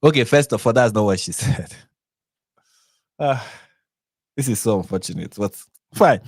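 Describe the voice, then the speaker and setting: A man with a Nigerian accent hosting a live reaction stream, chatty and quick to laugh, often restarting and correcting himself. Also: on the low side, animated, slightly rough, no room sound, clean studio sound. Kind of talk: casual live-stream commentary.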